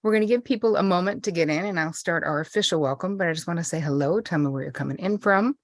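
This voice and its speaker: A cheerful middle-aged American woman hosts a live stream from home, greeting viewers one after another in a lively, chatty way. Her voice sits a little low and sounds close and dry, with no room around it. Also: quick pace, dry recording. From United States. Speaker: host and therapist. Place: indoors at home.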